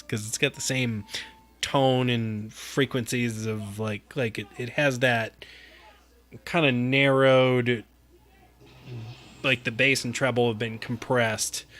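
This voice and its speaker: A man's voice: mid-range voice, measured pace, a bit bright. A man hosting a live pinball stream, chatting casually with viewers, laughing often as he plays. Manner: chatty, laughs often, talks to chat while playing.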